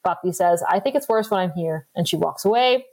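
A woman's voice: on the low side, lively intonation, brisk, a little mellow. A woman co-hosting a casual podcast, retelling scenes with quoted lines and laughing often. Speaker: podcast co-host. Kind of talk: casual recap chat.

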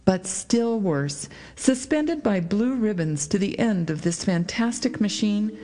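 A woman narrating a story aloud in an expressive reading style, with dramatic pauses. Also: medium pitch. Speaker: audiobook reader. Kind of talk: scripted narration.

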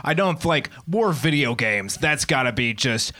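A man's voice: medium pitch, expressive, a little slow, pushed and bright. A man in his twenties doing a stand-up set, with a wry, meandering, self-deprecating delivery. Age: 20s. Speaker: stand-up comedian.

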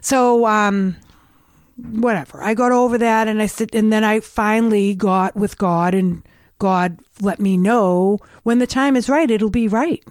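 A woman's voice: medium pitch, unhurried, darkish tone, no echo, clean studio sound. A middle-aged woman with a New England accent telling candid, rambling stories in a casual conversation. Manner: rambling, candid storytelling with restarts.

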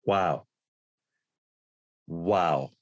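A man's voice: sits low, drawn-out words, no echo. A male interview host who reacts with short remarks and reflective questions. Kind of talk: interview conversation.

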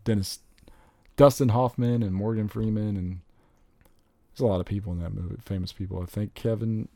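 A man in casual chat, rambling and excitable, swearing freely as he talks about movies. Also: on the low side, brisk, vocal fry, no echo. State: recently recovered from covid.

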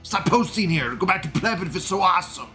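Sarcastic man with a bright voice. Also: high-pitched, expressive, quick pace, soft background music. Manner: sarcastic and crude. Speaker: host. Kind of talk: casual commentary on forum threads.

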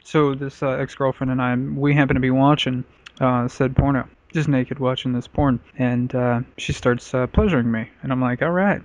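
A man's voice: medium pitch, level tone, normal speed, darkish tone. Rambling man telling a crude story. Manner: rambling, full of filler words. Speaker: podcast host telling a story. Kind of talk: crude casual chat. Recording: dull, lo-fi podcast audio.

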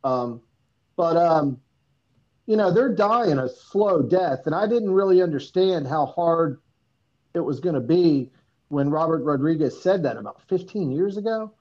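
A man calls in over his phone, his voice sitting a bit high and coming through dull and lo-fi. He rambles through a story, full of ums and false starts, in loose casual chat. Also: animated, a little slow, darkish tone. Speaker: caller.

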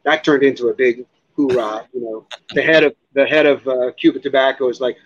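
A man telling a story as an interview guest, animated and profane, acting out what others said. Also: mid-range voice, a little fast, dull audio. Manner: animated, profane, acts out other people's lines. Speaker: guest, cigar expert.

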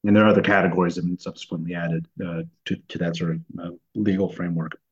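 Man, podcast co-host, low voice, hesitant, restarts often, muffled lo-fi audio. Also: steady tone, quick pace, breathy edge. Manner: hesitant, many restarts and fillers. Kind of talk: conversational discussion. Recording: dull lo-fi recording.

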